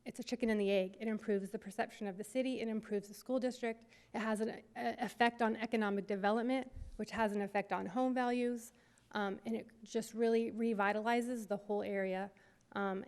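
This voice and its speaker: A woman giving earnest, community-minded remarks at a council meeting, with many "um" pauses. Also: medium pitch, steady tone, a little mellow. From United States.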